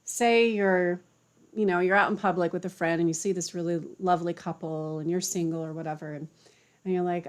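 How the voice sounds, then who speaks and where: Chatty woman with a fairly low voice. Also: a little fast. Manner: relaxed and chatty, many fillers. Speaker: spiritual teacher. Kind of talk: casual spiritual talk to camera.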